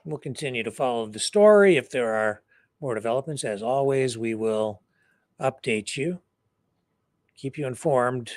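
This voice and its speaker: A man's voice: medium pitch, animated, normal speed, darkish tone, no echo, clean studio sound. A man hosting a news show with chatty, opinionated commentary and sarcastic asides. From Canada. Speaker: news host.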